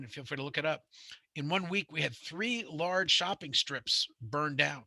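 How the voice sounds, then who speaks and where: Gravelly New man lecturing. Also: fairly high pitch, animated, moderate pace, sharp tone, dry recording. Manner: rambling, conversational, many fillers and restarts. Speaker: home inspection instructor. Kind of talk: classroom lecture with anecdotes.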